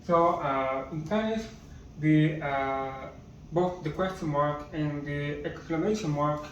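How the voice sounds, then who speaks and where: A man giving a casual vocabulary lesson, halting and searching for words as he lists them one by one. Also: fairly high pitch, a little hiss or hum. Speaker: language teacher. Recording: echoey room, distant muffled mic.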